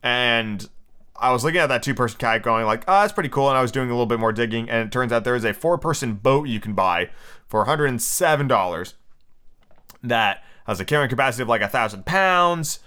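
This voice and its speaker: A man's voice: medium pitch, brisk, sharp tone, clean tone. A drunk, tired man hosting a solo podcast, rambling and swearing casually between book readings. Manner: rambling, profane, full of fillers. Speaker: podcast host.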